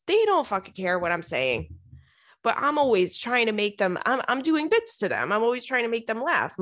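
A woman's voice: mid-range voice, a bit bright. A young woman casually telling funny stories to her viewers. She laughs often, swears freely and keeps calling her listeners "girl". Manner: chatty, says "girl" and "like" a lot. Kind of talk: casual storytelling to camera.

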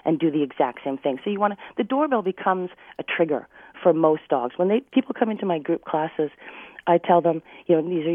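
A woman dog trainer giving advice on a radio call-in show, talking energetically and slipping into quick acted voices. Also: low voice, dry recording. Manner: energetic, acts out owners and dogs in quick voices. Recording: dry phone-line sound.

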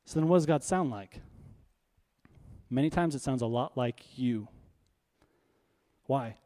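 A man's voice: medium pitch, mellow. A man preaching a sermon as pastor, in a conversational, emphatic style full of rhetorical questions.

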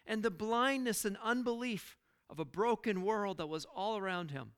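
High-voiced pastor preaching slowly and clearly. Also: male voice, fairly bright tone. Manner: earnest preaching with rhetorical questions and repeated words. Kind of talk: sermon.

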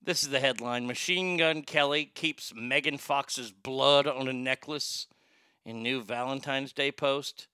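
Brief: brash male host, bright, smooth voice, dry close mic, crude rants. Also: mid-range voice, measured pace, no room sound. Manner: loud, profane, excitable, laughs at own jokes. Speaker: show host. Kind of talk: crude comedic talk show rant.

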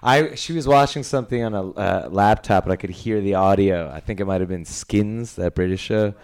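A man from New York co-hosting a podcast, telling stories in a dry, deadpan way. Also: fairly low pitch, a little fast. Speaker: podcast co-host. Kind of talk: casual chat.

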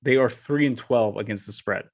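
A man's voice: mid-range voice, fairly quick. A man co-hosting a casual sports betting podcast, reading off betting stats in a laid-back way.

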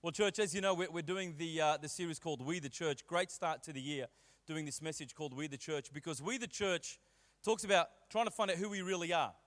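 In a church hall full of long, echoing reverb, a guest preacher with a fairly high, fairly bright voice moves at a fairly quick pace. His sermon is loaded with banter, playful jokes, and exuberant asides.

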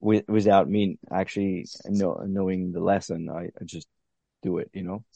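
A man with a low voice and a gravelly edge speaks as a podcast guest. His tone is dark and mellow, and the sound is dry and close. He explains thoughtfully, step by step, and often restarts his sentences. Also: steady tone, moderate pace, no echo. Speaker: podcast guest, long-distance paddler. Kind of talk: reflective interview talk.

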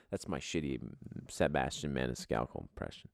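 A man's voice: extremely low pitch, animated, moderate pace, darkish tone. A man hosting a podcast, signing off in a laid-back, profane, rambling way with lots of fillers. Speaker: podcast host, league commissioner. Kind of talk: casual podcast sign-off.

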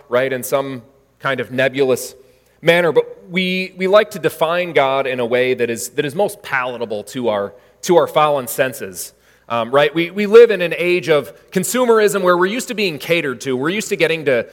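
Man preaching in an echoing hall. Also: mid-range voice. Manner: conversational with frequent fillers and restarts. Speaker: pastor. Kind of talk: sermon.

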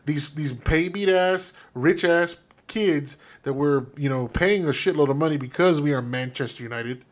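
A man's voice: on the high side, normal speed. A man co-hosting a fan podcast, ranting in a heated, profane, emphatic way. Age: adult. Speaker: podcast co-host.

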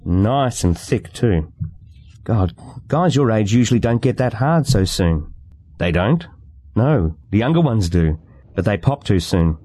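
A man's voice: lowish voice, lively intonation, a little slow, mellow, no room sound. A man reading the lines of a bold, uninhibited woman in an audiobook, with an eager, teasing delivery.

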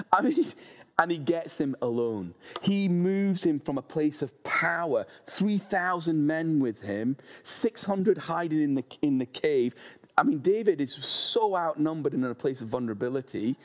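Animated preacher. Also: male voice, on the high side, unhurried. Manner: animated, humorous storytelling. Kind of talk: sermon.

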